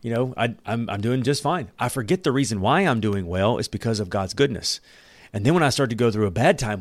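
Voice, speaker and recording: A man's voice: mid-range voice, lively intonation, brisk, no room sound. A man giving a casual Bible lesson, reading verses aloud and breaking in with joking, conversational asides. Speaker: Bible study teacher.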